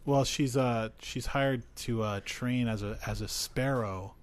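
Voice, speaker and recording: A man's voice: mid-range voice, measured pace. A man on a podcast reviewing a film in casual chat, rambling with lots of fillers and swearing. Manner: rambling, profane, many fillers, laughs often.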